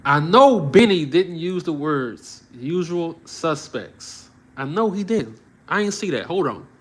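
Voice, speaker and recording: A man's voice: fairly high pitch, big pitch swings, unhurried, slightly rough. A man commenting on the news on a live stream, heated and preachy, who often repeats short phrases for emphasis.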